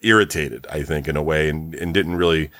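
A man with a very deep voice, rambling slowly in a laid-back podcast chat. He fills his sentences with plenty of "uh" and "you know," and the sound is dry and close. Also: a bit bright, no echo. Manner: slow, rambling, with many fillers. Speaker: podcast co-host. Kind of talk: casual chat.

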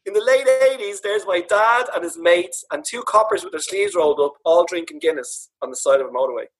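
Dublin guy spinning animated stories, husky voice, kinda high, swears a lot. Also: brisk, rough recording. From Ireland. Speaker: podcast guest, author. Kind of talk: casual storytelling.

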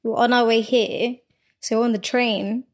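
Lively higher-voiced woman telling a story. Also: a little slow. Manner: animated, laughs while telling stories. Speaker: podcast co-host. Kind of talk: casual storytelling chat.

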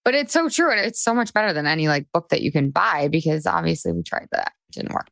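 A woman's voice: low-pitched, sing-song, fast talker, gravelly, a bit bright, no room sound. A woman hosting a casual panel podcast, chatty and enthusiastic, now and then swearing. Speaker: podcast host and coach.

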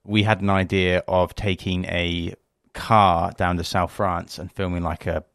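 Podcast co-host: young British man, very low voice, playful and quick with the jokes. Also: little pitch movement, gravelly, fairly bright tone, dry recording, studio quality. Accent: British English. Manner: teasing, asks quick questions. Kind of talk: casual chat.

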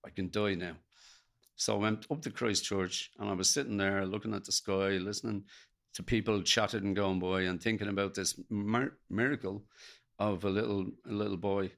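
A middle-aged Irish man, a podcast guest, telling an emotional personal story in a halting way, acting out what others said to him. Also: on the low side, fairly even intonation, a bit bright. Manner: gravelly, halting, retells dialogue in quotes.

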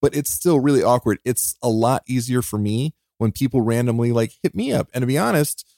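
A man hosting a podcast alone, talking in an earnest, heartfelt way, emotional and near tears, often restarting and laughing softly. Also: medium pitch, expressive, a little fast, gravelly, no echo, clean studio sound. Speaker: podcast host. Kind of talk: reflective solo podcast monologue.

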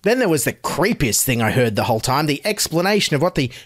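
A man's voice: on the high side, very animated, fast talker, dry recording, clean studio sound. A man hosting a satirical news comedy show, mocking the coverage with sarcastic, exaggerated incredulity.

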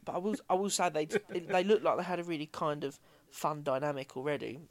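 Rambling man, slightly high voice. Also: fast talker, no echo. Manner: rambling, thinking aloud with fillers. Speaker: podcast co-host. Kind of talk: casual chat.

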